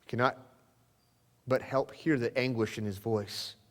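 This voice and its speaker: A male pastor preaching a sermon, swinging from loud exclamations down to hushed, near-whispered lines. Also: medium pitch, fairly even intonation, unhurried. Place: church sanctuary. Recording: long church hall reverb.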